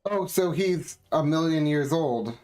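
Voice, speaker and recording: A man's voice: on the high side, lively intonation, unhurried, a little mellow, faint music behind. A man co-hosting a game playthrough who chats in a playful, easily distracted way and asks a lot of questions. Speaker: co-host. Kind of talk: casual gameplay chat and reading game text aloud.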